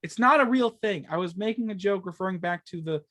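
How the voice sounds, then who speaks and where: A man's voice: sits high, a little fast, bright, forceful tone. A man co-hosting a gaming podcast in casual chat, joking around and laughing often. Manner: jokey, laughs often, slips into silly voices. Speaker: podcast co-host.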